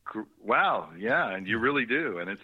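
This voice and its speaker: A man phoning in to a talk show, his voice low-pitched and a bit muffled by the line. He rambles casually with lots of fillers and chuckles as he tells stories. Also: sing-song, moderate pace, breathy edge. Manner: rambling, laughing, with many fillers. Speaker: actor guest. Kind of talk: casual phone interview. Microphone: phone line. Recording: dull phone line.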